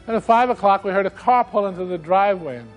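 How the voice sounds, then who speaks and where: A man's voice: high-pitched, animated, fast talker, faint music behind, rough recording. An actor performing a one-man stage monologue as a recovering alcoholic man, telling his story earnestly and quoting the people in it.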